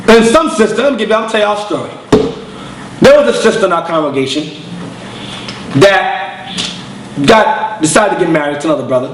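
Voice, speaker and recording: A man's voice: sits high, animated, fairly quick, long pauses, reverberant, background noise. A man, an elder of his congregation, preaching bluntly in street slang and telling stories with acted-out voices. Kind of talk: preaching lecture with storytelling.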